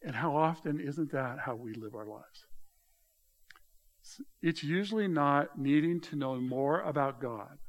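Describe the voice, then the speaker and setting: A man preaching a sermon in a conversational, animated way, swinging from loud to quiet. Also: a little high, measured pace, lo-fi sound. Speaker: pastor.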